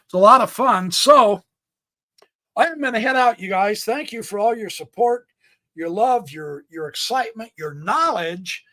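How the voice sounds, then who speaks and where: Excitable man teaching chess live. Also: sits high, moderate pace. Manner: chatty, excitable, exclamations and laughs; thinking aloud while playing out moves. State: sneezy, stuffed up. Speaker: chess livestream host.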